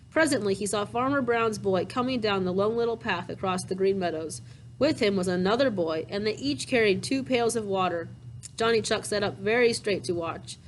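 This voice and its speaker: A woman reading a classic children's storybook aloud, pausing to explain things to young listeners in a gentle, chatty way. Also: medium pitch, a little hiss or hum, poor audio. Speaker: storybook reader.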